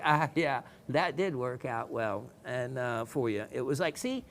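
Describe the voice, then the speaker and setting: Folksy gravelly Southern man. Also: medium pitch, sing-song, normal speed, hardly any pauses, a bit bright. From American South. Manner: folksy, rambling, playful, with frequent fillers and laughs. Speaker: gemstone show host. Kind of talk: casual chat reading viewer messages.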